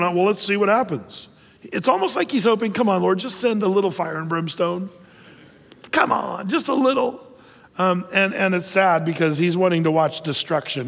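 A man's voice: high voice, fairly bright tone, big-room sound. A male pastor preaching a sermon in a conversational way, with playful asides and acted-out quotes.

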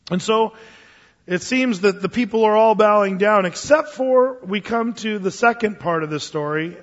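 A man preaching a sermon in a church, telling stories with animated delivery and acting out the voices of others. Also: sits high, normal speed, long reverb tail, lo-fi sound. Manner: animated storytelling, acts out quoted voices. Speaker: pastor.

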